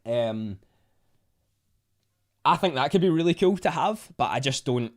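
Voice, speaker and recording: A Scottish man hosts a casual livestream, reading the chat and talking to viewers in a rambling way, often restarting his sentences. His voice is medium-pitched and animated, and he takes his time.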